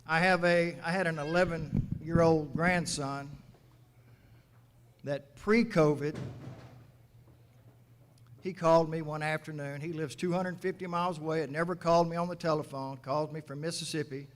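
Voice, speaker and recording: A man in his sixties delivers a commencement address as a mayor, his slightly higher voice carried over a podium mic. He tells folksy stories with quoted dialogue in an unhurried, grandfatherly manner, and a long echo trails his words through the large venue. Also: fairly even intonation, slight background noise. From United States. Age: 60s. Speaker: mayor giving a graduation speech. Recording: echoey hall from a public address.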